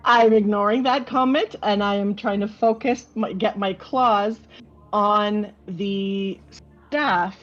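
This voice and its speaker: Slow-talking woman player, dull sound. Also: mid-range voice, faint music behind. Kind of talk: casual tabletop play.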